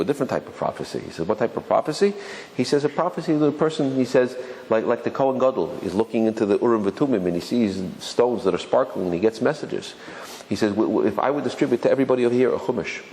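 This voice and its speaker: A rabbi teaches a class to a live audience in a rapid, low-pitched voice, firing rhetorical questions at the listeners. He often restarts his sentences and stumbles over repeated words. His voice rings with a long hall reverb over faint background noise. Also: darkish tone. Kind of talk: Torah lecture to a live audience. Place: lecture room with an audience.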